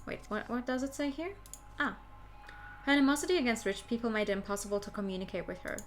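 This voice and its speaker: A young woman streaming a story game, reading the narration and dialogue aloud in a slightly high voice and breaking off to comment. A faint hiss sits under her voice. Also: fast talker. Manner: chatty, reads game text and comments on it. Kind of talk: playing and reading a visual novel aloud.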